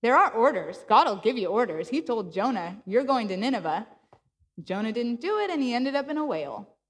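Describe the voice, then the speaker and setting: A woman with a fairly high voice delivers a sermon in a church, telling her story in an animated way and acting out the dialogue. Her voice carries a long reverb from the hall around her. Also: fairly quick. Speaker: preacher.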